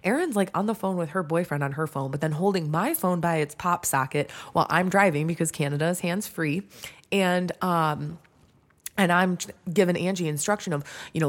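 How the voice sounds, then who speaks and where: Low-voiced young woman telling a story. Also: a little fast. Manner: chatty, swears freely, lots of fillers and restarts. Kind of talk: casual storytime monologue.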